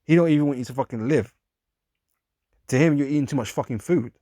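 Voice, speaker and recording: A man's voice: medium pitch, quick pace, dark tone, dry recording, studio quality. A man, teaching scripture in a casual, profane, repetitive way. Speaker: street preacher.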